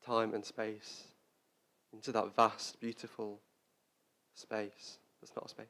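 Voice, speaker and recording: A man's voice: lowish voice, monotone, slow, a bit bright. A man giving a Dharma talk as a Buddhist teacher, speaking reflectively and often repeating words as he searches for them.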